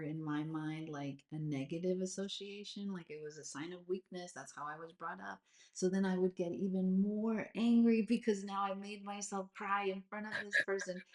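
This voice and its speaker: A woman in her forties hosting a live session over a video call, talking casually and candidly in a rambling way, with lots of fillers. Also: lowish voice. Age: 40s. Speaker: host of a live astrology session. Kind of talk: casual live-stream chat.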